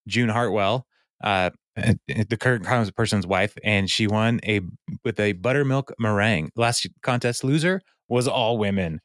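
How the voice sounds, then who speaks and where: Low-voiced man casually recapping a sitcom. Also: a bit bright, clean tone, no echo, clean studio sound. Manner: retells scenes by quoting the characters, with laughs and fillers. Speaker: podcast co-host recapping a sitcom episode. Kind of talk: casual chat.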